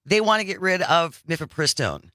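Energetic male host with a bright, dry voice. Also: a little high, moderate pace, no echo. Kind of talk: live-stream political talk show.

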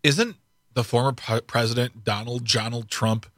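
A man co-hosting talk radio, sarcastic and animated, tripping over his words and restarting. His voice is bright and forceful, recorded dry and close in a studio. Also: medium pitch, moderate pace, no echo. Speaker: radio talk show co-host. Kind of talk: casual political radio chat.

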